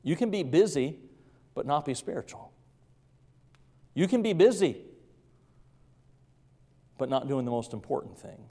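A man preaching an evening sermon in a church, emphatic and repetitive, dropping to soft tones at times. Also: fairly high pitch, sing-song, a little slow, pauses often. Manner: emphatic, repeats key phrases, drops to soft tones. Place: church sanctuary. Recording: long reverb of a large room.

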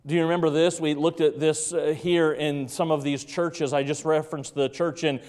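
A man preaching an evening sermon in a church, emphatic and repetitive, dropping to soft tones at times. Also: fairly high pitch, flat delivery, moderate pace. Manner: emphatic, repeats key phrases, drops to soft tones. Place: church sanctuary. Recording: long reverb of a large room.

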